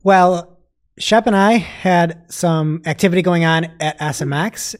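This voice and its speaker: A man co-hosting a podcast, telling a story in an animated, lively way. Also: fairly high pitch, a little slow. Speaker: podcast co-host. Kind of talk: casual chat.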